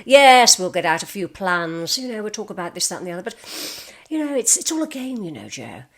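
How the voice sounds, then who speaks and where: A woman's voice: mid-range voice, very animated, a little fast. A woman putting on an eccentric, chatty male architect boss who insists and rambles. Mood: fussy insistent.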